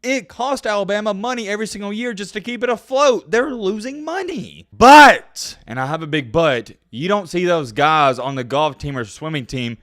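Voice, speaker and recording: A man with a fairly high voice rants bluntly, his pitch leaping up and down as he hammers his points home. He sounds dismissive and emphatic. The recording is dry and close, with no room sound. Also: lively intonation, moderate pace, few pauses, a bit bright, dry recording. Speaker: sports channel vlogger. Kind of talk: opinion rant to camera.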